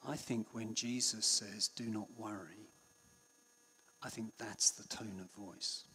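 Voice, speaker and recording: A man preaching a sermon in a conversational way, with frequent restarts and passages that drop to a hush. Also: fairly low pitch, fairly even intonation, unhurried, a little hiss or hum. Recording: long hall reverb.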